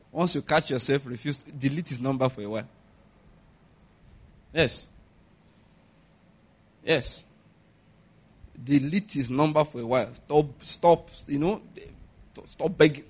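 A man's voice: a little high, normal speed, long pauses. A man with a Nigerian accent preaching a sermon as pastor, emphatic, asking the congregation questions and chuckling often.

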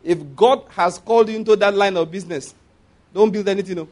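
A male preacher with a notably high voice delivers a sermon in a loose, conversational way. He throws questions back at the congregation and drifts into chatty asides. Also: brisk, darkish tone. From Nigeria. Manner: conversational preaching with asides and laughter, call-and-response.

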